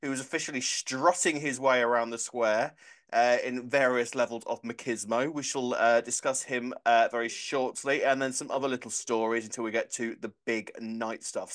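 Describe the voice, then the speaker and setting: A man hosting a casual podcast, chatty and excitable, often correcting himself mid-sentence. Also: mid-range voice, normal speed. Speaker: podcast host.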